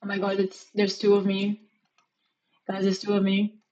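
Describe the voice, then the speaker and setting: A woman's voice: mid-range voice, completely flat delivery, moderate pace, warm tone, muffled recording. A young woman from Romania with a mixed Romanian and British accent, chatting casually and rambling with frequent giggles as a live streamer. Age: young adult. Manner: giggly, rambling, self-mocking.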